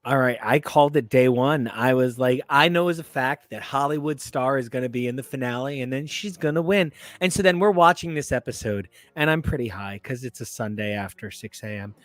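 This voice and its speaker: A man hosting a podcast in casual chat, telling long, animated stories with lots of fillers. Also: mid-range voice, fairly quick, few pauses, dry recording, studio quality. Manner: rambling, animated storyteller. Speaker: podcast host.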